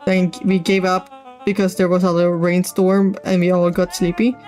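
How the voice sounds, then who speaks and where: A woman's voice: on the low side, little pitch movement, normal speed, warm tone, soft background music, close to an everyday voice. A woman reading the lines of a stern, bossy male festival official from a story game, stumbling over some words. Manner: reads game dialogue aloud with stumbles.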